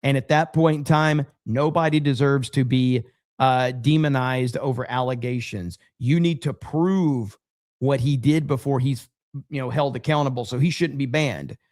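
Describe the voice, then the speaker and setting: A man's voice: mid-range voice, moderate pace. A man hosting a casual livestream podcast, telling stories bluntly and with plenty of swearing. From USA. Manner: blunt, profane, animated storytelling. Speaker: podcast host.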